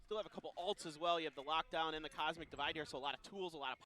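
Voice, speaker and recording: Fast-talking male esports color commentator. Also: on the high side. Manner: analytical, quick and chatty with fillers. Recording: live crowd noise behind.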